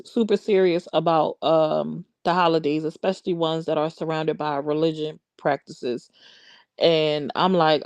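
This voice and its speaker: On her casual live chat, a livestream host talks with viewers and replies to them by name. She has a fairly low-pitched voice, recorded with no room sound.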